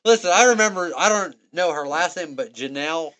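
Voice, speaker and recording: A man's voice: on the high side, lively intonation, a little fast, bright, forceful tone. A man in his forties, a guest in a casual chat, laughing often and telling profane, nostalgic stories. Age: 40s. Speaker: podcast guest.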